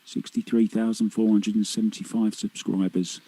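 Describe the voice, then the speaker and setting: A man's voice: fairly low pitch, level tone, normal speed, dark tone, husky, no room sound, low-quality recording. A man commentating on a pool match, chatty and teasing, laughing easily with his co-host. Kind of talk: live sports commentary.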